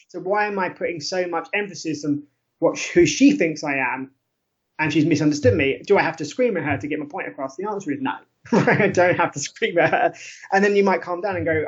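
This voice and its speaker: A man speaking as an academic podcast guest, explaining ideas conversationally, often laughing and correcting himself mid-sentence. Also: a little high. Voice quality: animated, laughs often, frequent self-corrections. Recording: muffled lo-fi audio.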